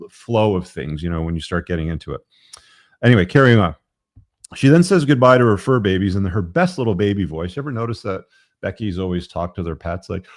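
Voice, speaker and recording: A man's voice: low voice, dry recording, studio quality. A man hosting a live podcast show, reading from his book with wry, tongue-in-cheek asides and lots of fillers. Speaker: podcast host.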